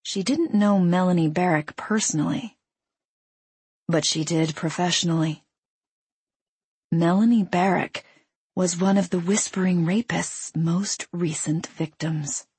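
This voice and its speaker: A woman reading a first-person audiobook in a measured, unhurried storytelling manner. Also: lowish voice, darkish tone, slightly rough, no echo. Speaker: audiobook narrator.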